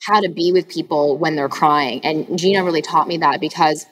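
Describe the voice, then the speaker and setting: Woman host, casual podcast chat, a touch low-pitched, candid and emphatic. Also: moderate pace, fairly bright tone, a little hiss or hum, low-quality recording. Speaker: podcast host and healing coach.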